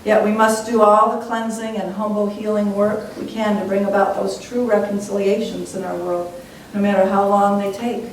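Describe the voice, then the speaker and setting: A woman minister preaches in an earnest, reflective teaching tone, her voice at mid pitch. She sounds a little away from the microphone, and it catches a great deal of church-hall echo with a faint rumble underneath. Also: level tone, moderate pace, hardly any pauses, distant mic. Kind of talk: sermon. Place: church sanctuary.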